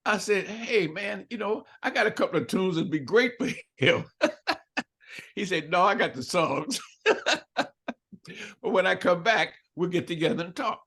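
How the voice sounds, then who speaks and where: A man's voice: sits high, animated, unhurried, long pauses, sharp tone, husky. An older man telling a story in an interview, acting out both sides of the dialogue and laughing often. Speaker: interview guest.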